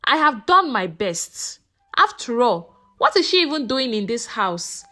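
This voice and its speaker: A woman voicing a scheming middle-aged wife, scolding her husband in rapid, shouting bursts. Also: on the high side, very animated, heavily acted. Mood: dismissive.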